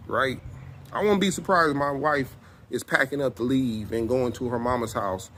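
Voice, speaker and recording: A middle-aged man, telling a personal testimony in casual, animated speech and acting out both sides of an argument. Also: mid-range voice, moderate pace, a little hiss or hum. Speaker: self-styled apostle telling a personal testimony.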